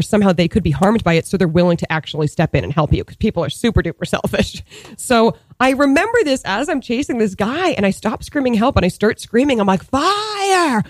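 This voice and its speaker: A woman in her thirties tells a story in a loose, chatty way, leaning on fillers and breaking into laughs. Her pitch swings widely from line to line. The sound is dry and close, with no room echo. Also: quick pace. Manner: animated, heavy on "like" and "you know" fillers, laughs often. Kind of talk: casual storytelling chat.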